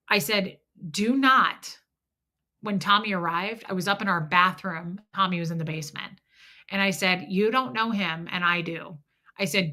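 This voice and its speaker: A woman telling a personal story on her livestream, candid and animated, acting out quotes and swearing freely. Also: medium pitch. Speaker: livestream host. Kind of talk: casual live chat storytelling.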